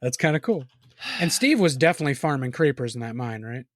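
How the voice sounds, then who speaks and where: A man's voice: mid-range voice, lively intonation, fast, dry recording. A man co-hosting a podcast in casual chat, talking in a loose, rambling way and laughing often. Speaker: podcast co-host.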